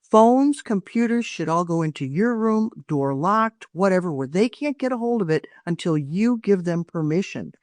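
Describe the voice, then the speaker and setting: A woman's voice: on the low side, expressive, normal speed, few pauses, darkish tone, no room sound. An older woman, a parenting expert guest on a podcast interview, giving earnest, emphatic advice and often restarting her sentences.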